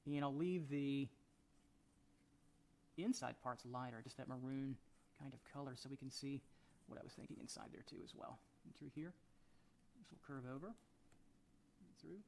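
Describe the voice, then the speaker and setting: A man teaching a drawing lesson, talking through each stroke as he sketches and often trailing off quietly. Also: mid-range voice, normal speed, creaky, long pauses, a little hiss or hum. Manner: relaxed, thinking aloud while sketching, often trailing off quietly. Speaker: drawing instructor.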